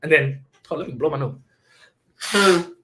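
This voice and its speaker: A man's voice: on the high side, background noise. A young man streaming, telling a story in casual slang, swearing a lot and often repeating and restarting his phrases. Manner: rapid, profane slang, lots of repeats and restarts.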